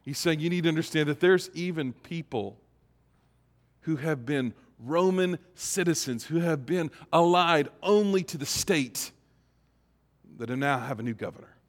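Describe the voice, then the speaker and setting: A pastor giving a sermon in a conversational way that builds to emphatic peaks. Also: male voice, a little high, measured pace, long reverb tail.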